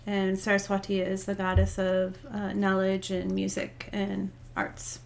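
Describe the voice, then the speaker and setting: A woman in her forties, a yoga teacher, chatting casually over lunch in a relaxed, thoughtful way. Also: medium pitch, measured pace, gravelly, slight background noise. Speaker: guest, yoga instructor. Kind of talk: casual chat while eating. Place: indoors, eating lunch.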